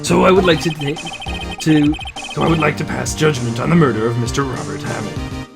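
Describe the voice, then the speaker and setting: A man's voice: a little high, a little fast, vocal fry, music in the background. A man doing a fussy old judge. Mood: formal. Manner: formal, declaring. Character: elderly, formal, fussy male judge.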